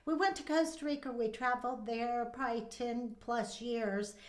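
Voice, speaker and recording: A middle-aged woman with a high-pitched voice tells stories animatedly on a podcast. Her voice carries a roomy echo. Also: moderate pace. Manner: animated storyteller who acts out quotes. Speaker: podcast co-host. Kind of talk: casual chat. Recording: echoey room.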